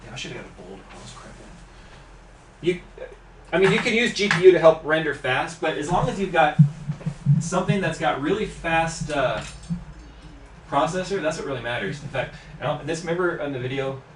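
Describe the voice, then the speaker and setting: A man hosting a live stream, chatting and joking in a relaxed way as he works on a computer. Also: on the high side, fairly quick, long pauses. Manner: relaxed, joking, talks while working on a PC. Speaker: tech YouTuber host. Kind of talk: casual live stream chat while working. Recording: echoey room, distant mic, background noise.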